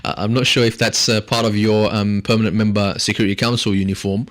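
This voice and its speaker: Lowish-voiced guy hosting a radio show in the studio, jokey and rambling. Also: level tone, fast, fairly bright tone. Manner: jokey, rambling, laughs often. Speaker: radio talk show host. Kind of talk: casual radio chat.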